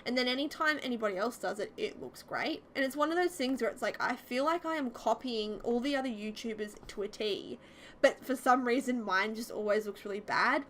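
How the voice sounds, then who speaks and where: A woman casually talking over a video, fast and chatty with lots of fillers, giggly and self-deprecating. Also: on the high side, a bit bright, a little hiss or hum. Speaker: YouTuber.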